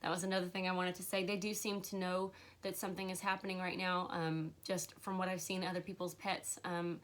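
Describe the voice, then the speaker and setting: A woman with a cold hosting a casual spiritual livestream, earnest and emotional, with fillers and soft laughs. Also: fairly low pitch, flat delivery, brisk. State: has a cold, occasional cough. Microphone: livestream camera mic.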